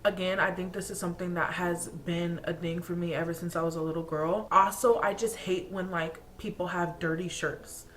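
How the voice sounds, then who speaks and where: A woman's voice: lowish voice, fairly even intonation, normal speed, hardly any pauses, a bit bright, a little hiss or hum. Chatty young woman ranting with laughs. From Atlanta, Georgia. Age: young adult. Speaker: vlogger. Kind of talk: casual chat.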